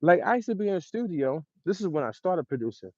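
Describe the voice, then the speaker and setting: A man, a music producer, telling studio stories in a loose, animated way, acting out voices with laughs. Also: high voice, fast talker, dry recording. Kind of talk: casual storytelling. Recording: dull dry sound.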